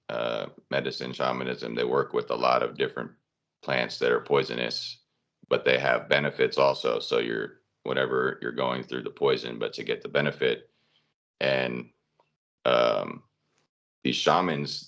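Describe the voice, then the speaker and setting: A man's voice: rumbling low, a bit bright, highs cut off. A man telling personal stories in a casual podcast chat, rambling with many fillers.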